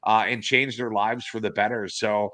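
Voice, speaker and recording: A man hosting a casual chat, earnest and reflective, often repeating words as he goes. His voice is low, and it is recorded dry and close, with no room sound. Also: flat delivery, normal speed, sharp tone, no room sound. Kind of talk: casual commentary.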